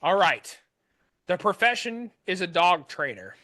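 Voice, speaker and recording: Bright-voiced American podcast host. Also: male voice, high-pitched, very animated, measured pace, no room sound. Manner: enthusiastic, chatty, leads the segments. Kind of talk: casual chat.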